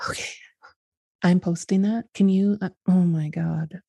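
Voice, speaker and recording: A woman hosting a casual chat, speaking in an effusive, unhurried way. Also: fairly low pitch, steady tone, gravelly, dark tone, husky, no echo, clean studio sound. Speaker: host.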